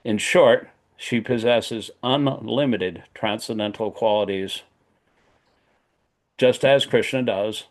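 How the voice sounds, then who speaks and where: A man with a fairly low voice leads a class over a video call. He reads scripture aloud in a steady, list-like way and adds brief comments of his own. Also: slow pace. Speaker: class leader.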